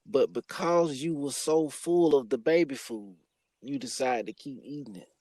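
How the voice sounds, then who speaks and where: A man's voice: medium pitch, moderate pace, a little mellow, dry recording. A man hosting a talk show, preaching emphatically and often restarting his sentences. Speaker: host. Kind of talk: spiritual discussion.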